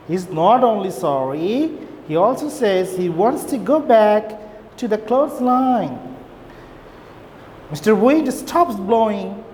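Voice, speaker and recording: Slow-speaking teacher woman. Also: mid-range voice, lively intonation, darkish tone. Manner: slow, simple explanations with repeated "okay?". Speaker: primary school teacher. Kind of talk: online English lesson for young children. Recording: long reverb, faint background noise.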